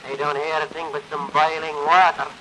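A man's voice: fairly high pitch, little pitch movement, brisk, bright, forceful tone, a little hiss or hum, rough recording. A man playing a timid, bumbling man who stammers and defers to his betters on an early comedy record. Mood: hesitant. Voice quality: hesitant, stammering, deferential speech. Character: bumbling old-time Irish man, timid with his betters, baffled by the telephone.

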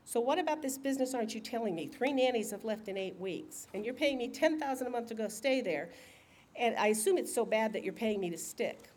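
A woman reading aloud, voicing a sharp-tongued, out-of-work art teacher who answers with quick, sarcastic retorts. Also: a little high, expressive, voice pushed up. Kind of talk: audiobook reading.

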